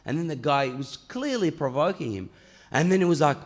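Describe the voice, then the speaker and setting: A man's voice: medium pitch, lively intonation, normal speed. A man who grew up in Iran, speaking as a guest on a panel at a public talk, telling stories animatedly with many fillers and restarts. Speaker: author guest. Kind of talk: panel discussion.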